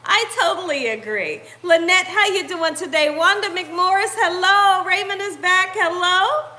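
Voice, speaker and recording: High bright-voiced woman hosting a live cooking stream. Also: a little slow. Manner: chatty, greets viewers by name, laughs often. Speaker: cooking channel host. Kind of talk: live-stream chat with viewers. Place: home kitchen.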